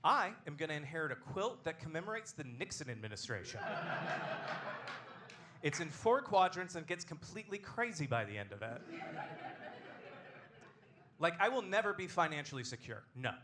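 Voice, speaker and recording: A man hosting a comedy show, doing a stand-up set with a deadpan, self-deprecating delivery on a club stage. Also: fairly high pitch, normal speed, long pauses, noisy background.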